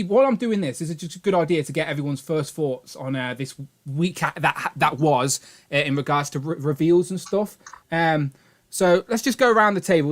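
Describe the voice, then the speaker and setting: A British man hosting a casual live stream from a home setup, chatty and upbeat. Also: high voice. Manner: chatty and upbeat, often laughing.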